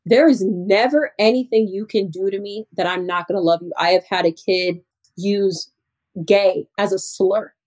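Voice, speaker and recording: Lively, laughing young woman teacher. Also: mid-range voice, normal speed. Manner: animated, laughs often, acts out her students' voices. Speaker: teacher, podcast guest. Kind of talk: casual interview chat.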